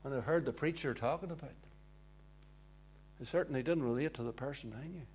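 A man preaching a sermon, emphatic and repetitive, swinging from hushed passages to loud ones. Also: medium pitch, brisk, a little hiss or hum.

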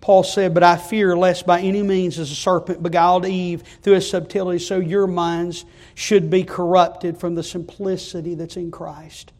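A male preacher delivering a fervent sermon that keeps rising to loud, repeated climaxes. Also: sits high, level tone, moderate pace, few pauses.

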